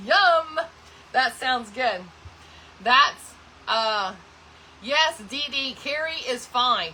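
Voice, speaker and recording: A woman's voice: fairly high pitch, sharp tone, slight background noise, rough recording. A woman hosting a craft livestream, chatting casually and rambling as she greets viewers by name. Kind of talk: casual chat while crafting, reading viewer comments.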